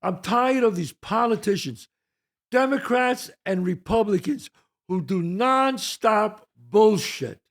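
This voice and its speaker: A man's voice: high voice, animated, takes it slowly. An older American man hosting his own show, delivering a heated, profane solo rant full of rhetorical questions. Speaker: podcast host.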